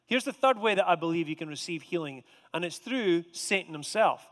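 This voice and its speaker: A man preaching a sermon, telling stories in a conversational way and slowing down to stress key points. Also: on the high side, expressive, a bit bright. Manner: conversational storytelling, emphatic slow stresses. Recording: long hall reverb.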